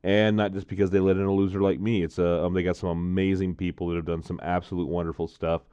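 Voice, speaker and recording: Male vlogger, low voice, casual and rambling, dry close sound. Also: flat delivery, fast talker, warm tone, smooth, dry recording, dull audio. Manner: rambling, many "uh, um" fillers. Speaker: vlogger reviewing drinks. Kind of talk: casual drink review and storytelling.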